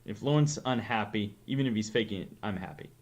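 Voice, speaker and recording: Rambling New England streamer, low-key. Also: male voice, fairly quick. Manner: rambling, joking, self-deprecating. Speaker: streamer host. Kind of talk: casual chat to stream viewers.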